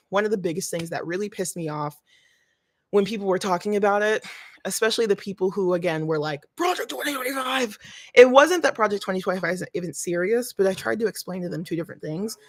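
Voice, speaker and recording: A woman's voice: medium pitch, dry recording. Woman, casual livestream host, chatty, slightly breathless, dry close sound. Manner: chatty, thinks aloud, restarts often. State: short of breath. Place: family home.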